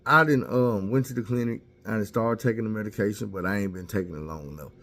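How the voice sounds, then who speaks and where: A man's voice: fairly low pitch, fast, a bit bright, slight background noise. A man casually telling a candid, profane story about himself and mocking his own mistakes.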